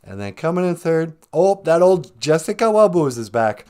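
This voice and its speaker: A man hosting a casual live-stream podcast, teaching words in an unhurried, musing way and chuckling often. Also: on the high side, very animated, a little mellow.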